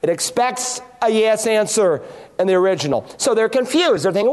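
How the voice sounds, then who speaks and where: A man's voice: sits high, lively intonation, moderate pace, a little mellow. A man, a pastor preaching an emphatic expository sermon that leans on rhetorical questions.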